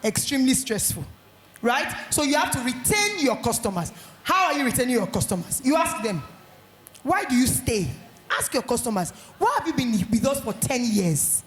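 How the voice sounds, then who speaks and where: A middle-aged woman with a Nigerian accent giving a lively motivational talk at an education conference, acting out little scenes. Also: on the high side, normal speed, reverberant. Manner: animated, acts out little scenes in quoted voices.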